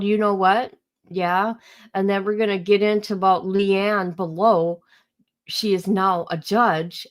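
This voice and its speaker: A woman talks to her livestream audience in a casual, drawn-out way, her pace slow and deliberate. She gets heated as she rants, calling people out, and stops now and then to greet viewers by name. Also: mid-range voice. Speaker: livestream host.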